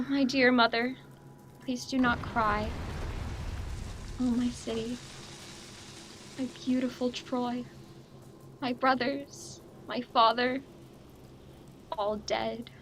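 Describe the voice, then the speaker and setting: A woman's voice: on the high side, sharp tone, a little hiss or hum. A young woman, a student actor, playing a raving young prophetess princess in a stage tragedy, swinging between frenzied cries and grief. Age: young adult. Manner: frenzied outbursts and anguished cries.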